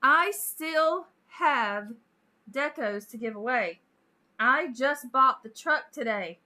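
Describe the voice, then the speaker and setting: Chatty high-voiced woman streamer. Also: lively intonation, slow pace, pushed and bright. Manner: chatty, reads out chat and greets viewers by name, laughs often. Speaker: live stream host. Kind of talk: casual live-stream chat with viewers.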